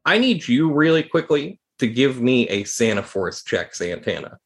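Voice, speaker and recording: A man running a tabletop game as game master, narrating scenes in a steady, descriptive way. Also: medium pitch, moderate pace.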